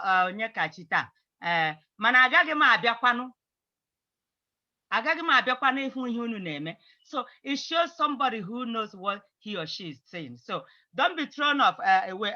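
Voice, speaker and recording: A woman's voice: medium pitch, bright, forceful tone, dull audio. A woman teaching an online Igbo class, patiently explaining grammar and mixing English with Igbo example phrases.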